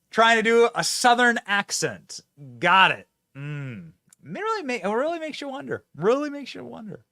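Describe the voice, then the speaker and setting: A man's voice: high voice, pushed and bright, dry recording, studio quality. A man hosting a political show, giving mocking, sarcastic commentary and laughing often.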